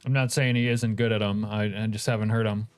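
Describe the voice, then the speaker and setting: A man's voice: fairly low pitch, level tone, fairly quick, smooth, soft background music. A man streaming a game, chatting casually and joking as he reacts to his chat.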